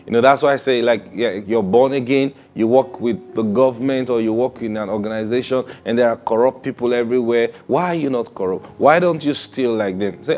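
A man preaching a sermon in an animated way, acting out quoted people and repeating words. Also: mid-range voice, moderate pace.

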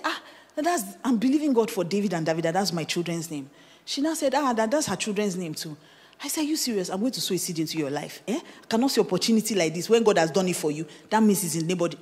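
A Nigerian woman pastor preaching with lively, swooping pitch. She tells her story with animation, slips into pidgin, and climbs to shouts. Her voice rings with the long reverb of a church hall. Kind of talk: sermon with personal testimony.

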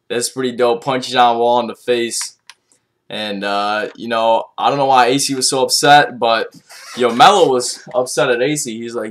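A young man talks off the cuff in a loose, rambling way. He is slangy and excitable, cursing freely, and his voice sits at an ordinary middle pitch. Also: moderate pace. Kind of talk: casual vlog rant.

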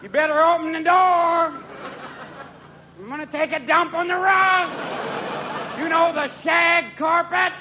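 A man voicing a smug, selfish house cat that talks in a demanding, sarcastic way, high above his own voice. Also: steady tone, measured pace, pauses often, highs cut off, a crowd in the background, background noise.

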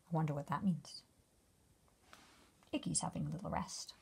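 A woman reading a picture book aloud to children as their teacher, gently asking them questions about the pictures. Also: on the low side, wildly swooping pitch, moderate pace, vocal fry, long pauses, husky. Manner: gentle, asks the listener questions.

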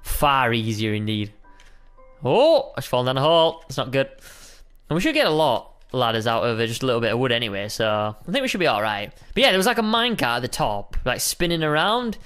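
A man's voice: medium pitch, sing-song, fast talker, fairly bright tone, clean tone, faint music behind. A young man chatting playfully while co-hosting a Minecraft let's play, often calling his partner mate. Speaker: gaming co-host.

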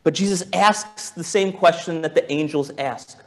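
A man preaching a sermon as pastor, musing aloud with restarts and rhetorical questions, moving from quiet and low to raised and fervent. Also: moderate pace. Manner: swings from soft and low to raised and intense.

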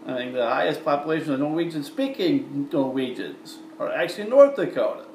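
A man's voice: a little high, expressive, a little fast, darkish tone, slight background noise. Rambling Midwestern man in an echoey room. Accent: Midwestern American. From American Midwest. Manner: rambling, chatty, addresses viewers as folks. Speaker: vlogger. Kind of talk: rambling casual monologue. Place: indoor room with lights. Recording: roomy echo, from far off, faint ambience.

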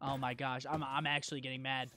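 A man's voice: medium pitch, little pitch movement, fast, heavy background noise. A man doing live gameplay commentary as a gaming YouTuber, hyping himself up and mocking his own mistakes with sudden outbursts. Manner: hype, self-mocking trash talk, sudden outbursts.

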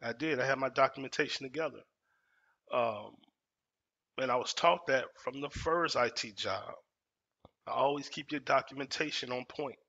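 Forceful man telling a story. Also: medium pitch, moderate pace, long pauses, dull audio. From Dallas, Texas. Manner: emphatic, repeats phrases, street slang. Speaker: storyteller host. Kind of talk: casual storytelling.

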